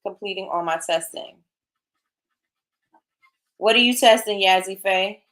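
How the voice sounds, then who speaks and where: A woman's voice: mid-range voice, measured pace, a bit bright. A middle-aged woman hosting a casual livestream, chatting with viewers and reading their comments aloud in an encouraging way. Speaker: livestream host.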